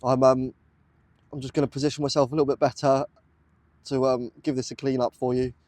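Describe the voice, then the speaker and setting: A man's voice: mid-range voice, flat delivery, a little fast, a little mellow, no echo. Awestruck British man in a field. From United Kingdom. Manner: breathless, awestruck, repeats exclamations. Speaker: metal detecting vlogger. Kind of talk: excited outdoor vlog commentary. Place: outdoors in a muddy field. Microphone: camera on a tripod.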